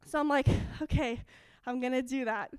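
A young adult woman giving an excited, animated testimony in a church service, acting out her own quoted dialogue. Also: high-pitched, normal speed, clear, resonant tone, no room sound. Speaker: church speaker.

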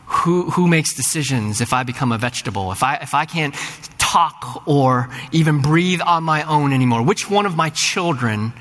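A man's voice: mid-range voice, a bit bright. Earnest preacher man in a reverberant hall. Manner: earnest, builds to fervent rising peaks; repeats words when starting a thought. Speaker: pastor. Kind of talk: sermon. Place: large church sanctuary.

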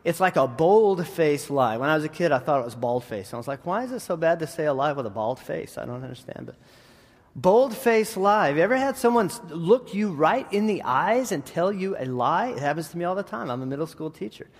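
A man preaching in a conversational, animated style with frequent restarts and asides. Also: on the high side, fairly quick. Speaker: preacher and middle school teacher. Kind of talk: sermon. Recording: long hall reverb.

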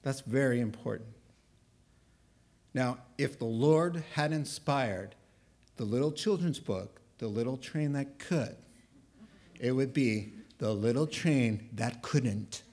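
A man preaching a sermon, animated, acting out biblical dialogue with a sarcastic edge. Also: mid-range voice, takes it slowly, pauses often.

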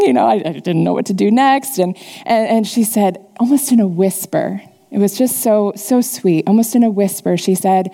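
A woman's voice: medium pitch, moderate pace, creaky, dark tone. A woman giving a sermon to her church, telling a personal testimony in an earnest, confessional way before turning to teach the congregation. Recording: long hall reverb.

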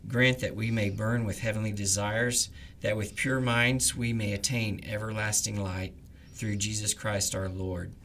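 A man leading morning prayers, reading the liturgy in a measured, reverent way. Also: lowish voice, steady tone, fairly bright tone, a little hiss or hum. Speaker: prayer leader.

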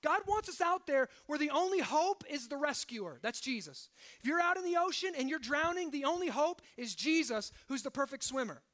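A male pastor delivering a sermon in a noticeably high voice. He drops to a hushed, low intensity for emphasis, then climbs to loud, urgent exhortation. He peppers his points with rhetorical questions and frequent "right?" asides. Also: sing-song, normal speed, hardly any pauses. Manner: asks the congregation rhetorical questions, often adding "right?".

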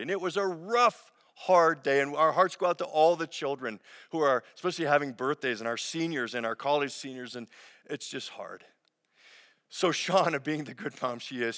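A man preaching a sermon as a pastor, earnest, slowing and softening on key phrases. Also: medium pitch. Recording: long reverb of a large hall.

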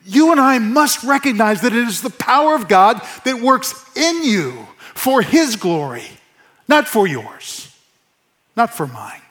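A man preaching a sermon to his congregation in church, earnest, repeating phrases for emphasis and dropping to a soft hush. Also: very high voice, very animated, unhurried. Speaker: pastor.

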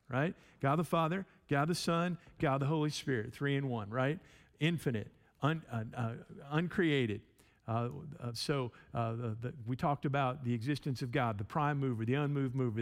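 A man teaching a sermon in a conversational way, often repeating words and checking in with his listeners. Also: on the high side. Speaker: pastor.

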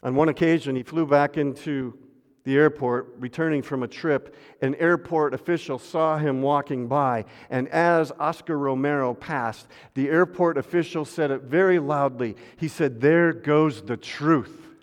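A fairly high-voiced man preaching a sermon in a church sanctuary, his words trailing into long hall reverb. He swings between ringing, raised refrains and hushed, dropped asides. He calls on the congregation to repeat a refrain with him. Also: normal speed. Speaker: pastor.

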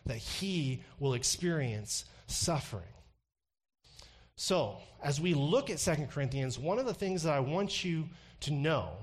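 Man, pastor, sermon, emphatic, rises and falls. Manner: emphatic, rising to loud peaks then dropping low.

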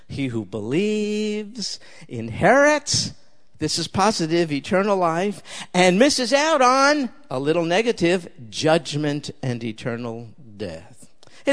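An older male preacher with a somewhat high voice delivers a sermon. He talks emphatically and conversationally. He keeps turning to the congregation with direct questions.

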